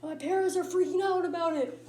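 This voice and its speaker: A woman's voice: extremely high pitch, fairly even intonation, fast talker, a little mellow, echoey room, a little hiss or hum, pitched above the performer's own voice. A woman voicing a flustered teenage boy who complains earnestly in a comic monologue. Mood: worried. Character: flustered teenage boy, worried about his parents.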